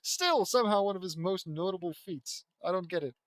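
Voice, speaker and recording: A man's voice: high voice, lively intonation, fairly quick, dry recording, pitched above the performer's own voice. A man reading the lines of an eager, starstruck young male inventor in a fan fiction audiobook.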